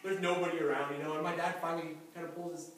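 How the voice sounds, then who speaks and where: Male pastor, fairly high voice, chatty storytelling sermon; booming church echo, distant mic, faint hiss. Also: quick pace. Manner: lively anecdotal storytelling with chuckles. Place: church sanctuary. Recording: very echoey church hall from far off, faint noise.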